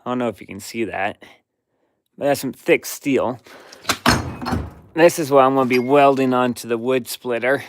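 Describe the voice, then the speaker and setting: Talking to himself and his dog, this man keeps up a slow, rambling commentary while he clears out his messy workshop for a vlog. He has a medium-pitched voice, with background noise behind him.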